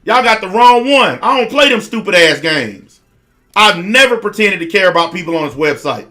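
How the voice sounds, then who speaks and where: A man with a high-pitched, hard-edged and forceful voice rants to camera. He is blunt and confrontational, full of profanity, and he repeats lines for emphasis. Nothing about him is softened or polite. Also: very animated, normal speed. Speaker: online commentator.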